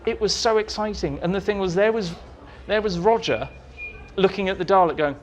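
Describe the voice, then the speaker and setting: Lively man telling showbiz anecdotes. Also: high-pitched, a little fast, muffled recording, a little hiss or hum. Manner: animated, acts out quotes in voices. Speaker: interview guest, writer. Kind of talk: anecdotal storytelling. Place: society meeting room.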